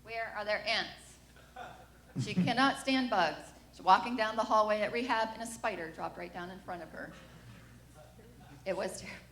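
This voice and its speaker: A woman's voice: medium pitch, moderate pace, long pauses, a bit bright, roomy sound, slight background noise. A middle-aged mother giving a personal testimony at church, telling the story frankly and acting out what people said. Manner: candid storytelling, acting out the quoted lines. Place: church sanctuary.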